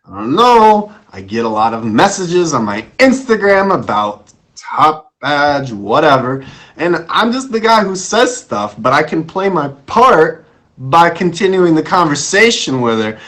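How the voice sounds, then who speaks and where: A man's voice: on the high side, sing-song, unhurried, fairly bright tone. A young man hosting a casual live-stream talk show, jokey and self-deprecating, stumbling over words as his voice cracks.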